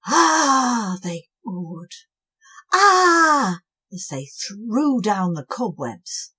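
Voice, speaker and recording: Slow, breathy woman reading a bedtime story. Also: on the low side. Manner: slow and gentle, with lively swings. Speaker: children's storyteller.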